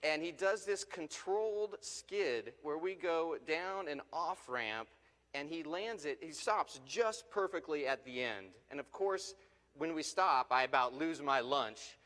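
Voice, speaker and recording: A man giving a motivational speech, telling lively stories and jumping his pitch up when he quotes people. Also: measured pace. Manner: animated storyteller, jumps up in pitch for quoted people. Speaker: motivational speaker. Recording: long reverb of a large hall.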